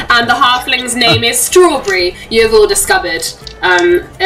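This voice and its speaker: Bright giggly woman running a tabletop game, lots of ums, bit far off from the mic. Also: measured pace, faint music behind. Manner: giggly, lots of ums, puts on shrill crowd voices. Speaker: game master.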